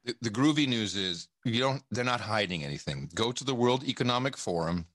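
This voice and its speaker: A man's voice: mid-range voice, animated, brisk, a bit bright, dry recording, clean studio sound. A man talking in a casual interview, rambling and emphatic, swearing often and restarting his sentences. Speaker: podcast guest. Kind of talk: casual conversation.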